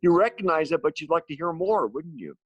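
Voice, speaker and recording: A man teaching a music lesson to his students from home, explaining slowly and simply and asking them questions. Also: fairly high pitch, lo-fi sound. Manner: slow, simple explanations with lively questions to children. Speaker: special education music teacher.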